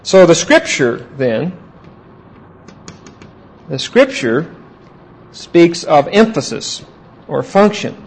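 A man teaching a Bible class, asking his students questions and repeating key points slowly. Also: fairly high pitch, big pitch swings, husky, poor audio.

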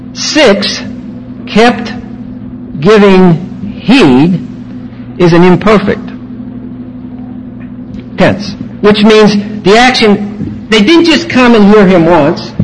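A male Bible teacher with a fairly high voice lectures at an unhurried pace. He stresses key words emphatically and points his class back to their notes. A faint hiss sits under the recording. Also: poor audio.

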